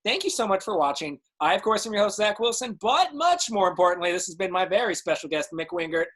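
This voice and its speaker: Brief: male host, husky tone, lively intonation, upbeat emphatic patter. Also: sits high, fast. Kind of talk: online show hosting.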